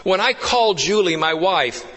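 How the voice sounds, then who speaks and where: A pastor preaching a sermon with fervent rises and hushed, intimate drops. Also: male voice, high-pitched, animated, a little slow, in a large hall, rough recording.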